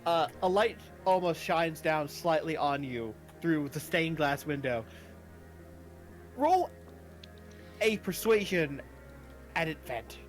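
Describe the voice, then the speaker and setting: Man running a tabletop game, higher voice. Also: lively intonation, slow pace, long pauses, soft background music. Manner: laughing, loose narration with many restarts. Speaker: game master. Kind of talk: running a tabletop game over a live stream.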